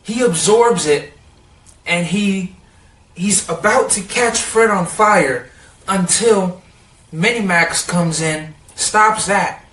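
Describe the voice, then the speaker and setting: A man giving a casual, rambling recap of a cartoon episode, excitable and full of "like.". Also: high-pitched, slow, recorded from a distance. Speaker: TV episode reviewer. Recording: roomy sound, set back from the mic.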